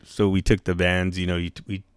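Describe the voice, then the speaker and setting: A man's voice: sits low, flat delivery, a little fast, clean tone, no echo. Profane storytelling man, dry close sound. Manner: profane, slangy, keeps saying bro; acts out quoted yelling in raised voice. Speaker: guest, youth camp director. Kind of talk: casual storytelling chat.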